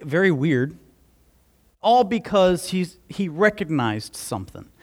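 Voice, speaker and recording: A pastor giving a conversational sermon, telling a personal story with animated delivery. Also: male voice, on the high side, takes it slowly. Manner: animated, acts out dialogue in the story.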